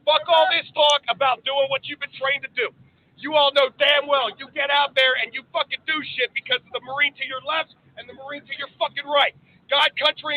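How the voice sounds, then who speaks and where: A man giving a fiery, profane speech to troops, shouting and laughing between lines. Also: very high voice, narrow, tinny audio. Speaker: military speaker.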